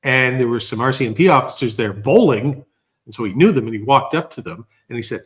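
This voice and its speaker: A man's voice: medium pitch, expressive, fairly quick, fairly bright tone. Man telling a story with dry humor. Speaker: podcast guest, filmmaker. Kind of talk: casual storytelling chat.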